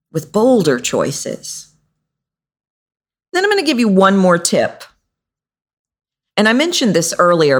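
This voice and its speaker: Low-voiced woman coaching with animated emphasis. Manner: animated, demonstrative, swoops up to stress words. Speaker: voice coach and podcast host. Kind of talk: instructional podcast talk.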